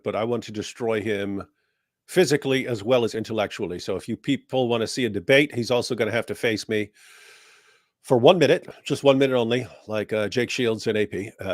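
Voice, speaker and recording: A man's voice: medium pitch, no room sound, studio quality. Blunt, combative male co-host. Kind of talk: casual chat.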